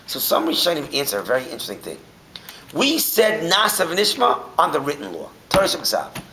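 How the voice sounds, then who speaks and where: Animated, gravelly male Torah teacher. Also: on the high side, a little fast, slight background noise, rough recording. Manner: animated, swings from shouting to near whisper. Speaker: rabbi teaching a class. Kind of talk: Torah class with storytelling.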